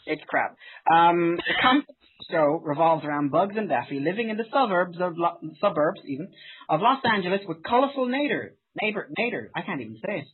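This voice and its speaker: A man's voice: sits high, sing-song, brisk, breathy edge. A man co-hosting a casual podcast chat about cartoons, sarcastic and given to exaggerated rants. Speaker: podcast co-host. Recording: phone-like narrow sound.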